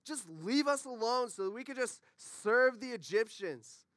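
Man voicing griping ancient Israelites, whining, high-pitched, bright, dry room. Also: no echo.

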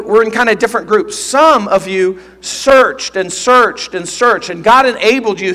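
A man's voice: high-pitched, bright, forceful tone. A man preaching a sermon as pastor, teaching earnestly and emphatically, often repeating phrases. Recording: long reverb of a large hall.

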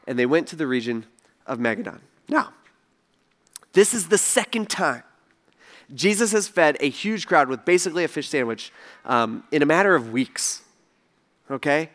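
A young adult man preaching a casual sermon, retelling a story in a conversational, animated way. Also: fairly high pitch, normal speed, long pauses. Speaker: pastor.

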